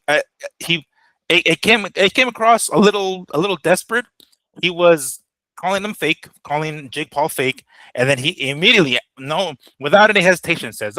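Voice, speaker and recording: A man's voice: medium pitch, pushed and bright, dry recording. A man co-hosting a boxing talk show, chatting casually and rambling with fillers and swearing. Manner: rambling, lots of fillers and profanity. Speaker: boxing podcast co-host. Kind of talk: casual chat.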